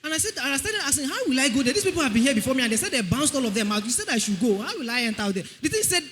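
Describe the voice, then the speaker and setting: A young man with a Nigerian accent tells an animated testimony in church, acting out the voices of others. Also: extremely high pitch, rapid-fire, in a large hall, soft background music. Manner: animated storytelling, acts out voices. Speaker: church member giving testimony.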